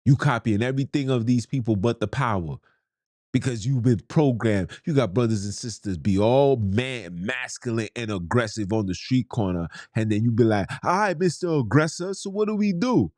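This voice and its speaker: A man's voice: lowish voice, moderate pace, a little mellow, no room sound, clean studio sound. A man, hosting a podcast in a blunt, heated, slangy monologue. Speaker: podcast host. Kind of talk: ranting monologue.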